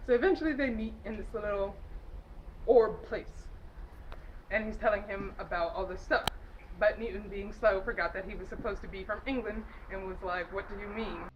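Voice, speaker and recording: A woman chats through a movie plot in a loose, rambling way, laughing and correcting herself as she goes. Her voice sits at an ordinary pitch for a woman. The recording is dull and lo-fi, with a faint hiss underneath. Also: normal speed. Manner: giggly, loose, with frequent fillers and self-corrections. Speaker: movie reviewer. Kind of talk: casual rambling movie recap.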